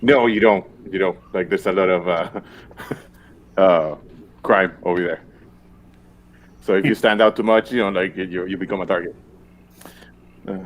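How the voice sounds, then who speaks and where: A man's voice: low voice, fairly even intonation, normal speed, pauses often. A man from Argentina, living abroad for two decades, chatting casually in a rambling way with many fillers. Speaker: guest. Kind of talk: casual chat.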